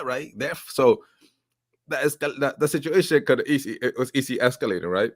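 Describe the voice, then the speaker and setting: A man's voice: mid-range voice, a little fast, no echo, studio quality. A man co-hosting a casual podcast chat, telling a long story with lots of swearing and acting out other people's voices. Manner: animated storyteller, heavy swearing, acts out voices. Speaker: podcast co-host.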